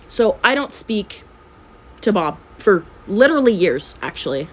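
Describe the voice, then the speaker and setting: A woman's voice: medium pitch, big pitch swings, moderate pace. A very tired young woman at home telling a messy personal story in casual chat, swearing freely and laughing often. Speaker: storytime vlogger. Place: at home with her cat.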